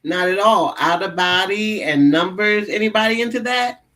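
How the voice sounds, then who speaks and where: A man's voice: high voice, moderate pace, pushed and bright. A man hosting a casual group chat, putting open questions to the room and inviting people to share.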